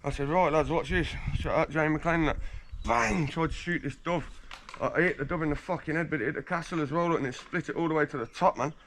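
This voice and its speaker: A man's voice: a little high, fairly even intonation, quick pace, fairly bright tone, slight background noise. A man from England telling boastful stories in a casual, slangy street interview, swearing freely while standing outdoors on a residential street.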